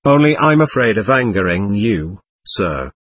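A man voicing a simple, pious peasant coachman who speaks slowly and deferentially. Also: lowish voice, sing-song, no echo, heavily acted. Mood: hesitant. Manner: slow, deferential, gentle. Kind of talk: audiobook character voice.

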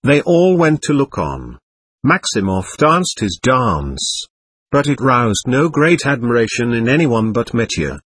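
A man reading a classic novel aloud as audiobook narrator, in a measured literary manner. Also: medium pitch, very animated, a bit bright, husky, no room sound. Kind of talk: scripted narration.

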